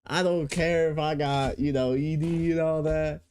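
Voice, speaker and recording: A woman giving reaction commentary in a slangy, incredulous way, swinging from low mutters to squealing outbursts. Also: lively intonation, moderate pace, few pauses, darkish tone.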